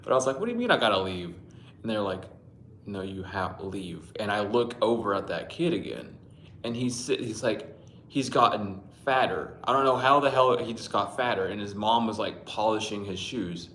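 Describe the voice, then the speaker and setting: Livestream host, male, lowish voice, rambling and profane, greets viewers, echoey room. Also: lively intonation, brisk, a bit bright, a little hiss or hum. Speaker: livestream host reading dreams. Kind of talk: casual livestream dream storytelling. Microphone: Bluetooth mic.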